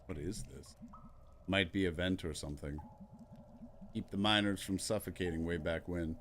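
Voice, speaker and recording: A man hosting a let's play, reading every character's lines aloud in turn, quick and offhand. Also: deep voice, steady tone, fairly bright tone, slight background noise. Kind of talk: reading game dialogue aloud.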